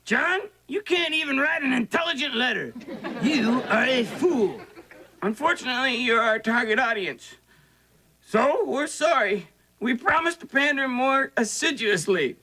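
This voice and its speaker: A man's voice: very high-pitched, expressive, a little slow, a little hiss or hum, heavily acted, poor audio. An actor voicing a sarcastic male stuffed toy bunny in a sitcom, with snide, theatrical wisecracks. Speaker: sitcom character. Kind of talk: sitcom acting. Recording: sitcom audio with loud studio laughter. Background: audience laughter.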